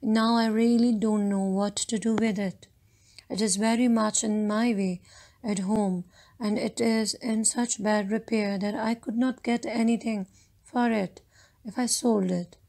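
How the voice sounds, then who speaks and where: A woman's voice: a little high, fairly even intonation, unhurried, darkish tone, low-quality recording. A woman reads the lines of a selfish miller in a storybook tale. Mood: wheedling. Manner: wheedling, self-serving. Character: selfish grown man, a miller.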